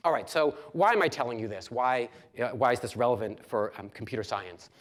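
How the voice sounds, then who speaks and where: A middle-aged man giving a public lecture as a professor, telling history as a lively story with many ums and restarts. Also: medium pitch, fairly quick.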